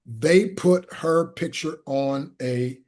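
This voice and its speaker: A husky-voiced Pennsylvania man, a motivational speaker and evangelist, tells stories as a guest in an interview. He speaks slowly but animatedly, acting out quoted people with big pitch jumps.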